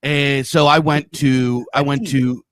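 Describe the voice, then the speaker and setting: A middle-aged man with a Pennsylvania accent rambles through his stories and swears freely. His voice sits at an everyday pitch. The mic sound is close and dry, with no room around it. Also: fairly even intonation, slow pace, no echo. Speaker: podcast host. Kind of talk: casual chat. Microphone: studio mic on a live stream.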